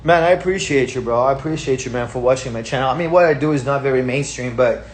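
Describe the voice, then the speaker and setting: A man's voice: medium pitch, quick pace, a little hiss or hum. A man with a Russian accent, a native Russian speaker, giving a heated, profane rant as host of his own channel. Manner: profane, repetitive, ranting.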